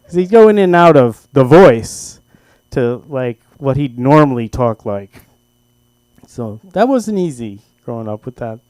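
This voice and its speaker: An older man at an open mic, telling a rambling, self-deprecating personal story with halting restarts. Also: mid-range voice, big pitch swings, a little mellow, clear, resonant tone, no echo. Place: comedy club stage.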